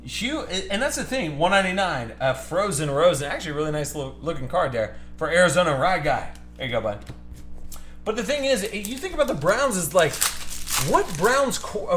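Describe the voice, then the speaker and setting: In an echoey room with music behind him, a man with a high, sing-song voice hosts a live card break stream. Between card calls he rants heatedly about sports media, his talk shifting fast as he opens packs and chats.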